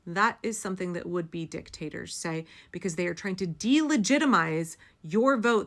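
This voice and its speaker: Speaking straight to camera, a woman delivers impassioned, blunt political commentary, swearing for emphasis. Her voice sits on the low side with a fairly bright tone.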